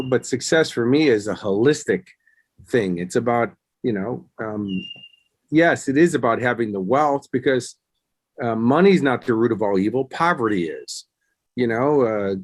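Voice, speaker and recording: A man's voice: mid-range voice, no room sound. Man in his 50s, interview guest, acts out the quotes in his stories, dead dry sound. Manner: animated storyteller acting out quotes. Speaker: guest, actor and success coach. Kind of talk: casual interview storytelling.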